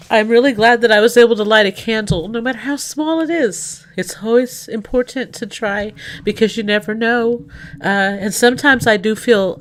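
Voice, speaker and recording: A middle-aged woman with a mid-range voice hosts a livestream, crying as she chats warmly with her viewers. Her emotional, casual talk is tearful and rambling, full of restarts and laughs.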